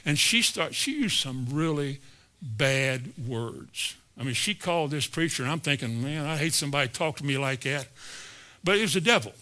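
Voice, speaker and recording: A male preacher, his voice bright and forceful, set a touch higher than most men's. He tells stories in a folksy sermon style, drifting into quiet asides and then climbing to sudden emphatic peaks. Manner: folksy anecdotal preaching, shifting between soft asides and sudden emphatic rises. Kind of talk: sermon storytelling.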